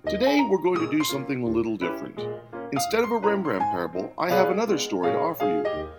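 A man hosting a story podcast, narrating in an expressive reading voice. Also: fast talker, over loud music. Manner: expressive reading, drops low and quiet for speech tags. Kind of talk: scripted narration.

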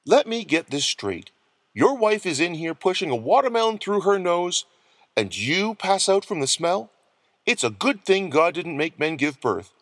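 A man's voice: high-pitched, sing-song, normal speed, a bit bright, no echo, voice pushed up. A man voicing a bossy, sarcastic middle-aged female nurse in a storybook reading. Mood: stern. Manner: blunt, commanding and sarcastic.

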